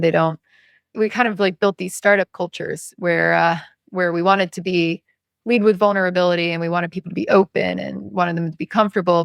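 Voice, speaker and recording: Female host, low and gravelly, conversational questioner, dry close mic. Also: no room sound. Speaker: podcast host. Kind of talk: interview conversation.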